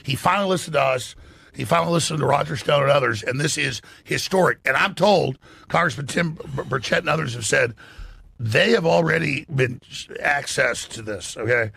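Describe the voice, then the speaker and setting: A man giving heated commentary in an excitable, profane manner. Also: a little high, fairly quick, vocal fry, husky, dry recording.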